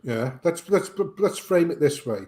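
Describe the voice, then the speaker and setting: A British man on a casual chat show, ranting profanely and telling an animated story. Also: on the high side, a little slow.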